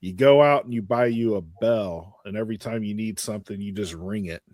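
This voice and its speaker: A man co-hosting a podcast, teasing his friends in relaxed chat. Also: lowish voice, fairly quick, no room sound. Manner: laid-back, teasing. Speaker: podcast co-host. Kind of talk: casual chat.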